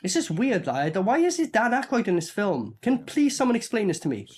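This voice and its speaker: Man, film reaction host, sweary rambler, pitch bouncing all over. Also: big pitch swings, brisk, a little mellow, breathy edge. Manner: sweary, rambling, puts on silly voices. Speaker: movie reviewer. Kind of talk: casual reaction commentary.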